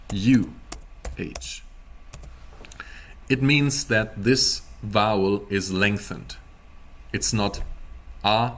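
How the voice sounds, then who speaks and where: A man teaching a beginner language class, explaining pronunciation slowly in a playful, teasing way. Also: on the low side, a bit bright. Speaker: German teacher.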